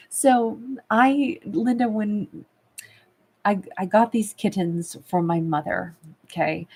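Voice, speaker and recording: A woman tarot reader in a casual livestream, chatting affectionately with viewers and calling them babe and love, a little rough from a recent cough. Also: fairly low pitch, darkish tone. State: recovering from a cough. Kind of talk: livestream chat reading viewer comments.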